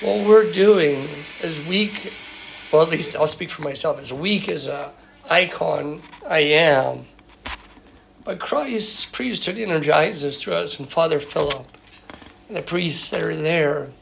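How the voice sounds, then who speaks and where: A man who is a priest talking in an interview conversation, halting and full of fillers and restarts. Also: a little high, vocal fry, fairly bright tone, poor audio. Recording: noticeable background noise.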